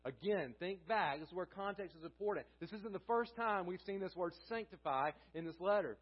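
A man's voice: sits high, a little fast, slightly rough, muffled recording. A male pastor preaching a sermon in a church, repeating key phrases for emphasis and asking the congregation questions he then answers. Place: church sanctuary.

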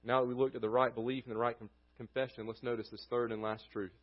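A man preaching a sermon as pastor, earnest, his voice dropping low and quiet at the ends of phrases. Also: flat delivery, quick pace, lo-fi sound.

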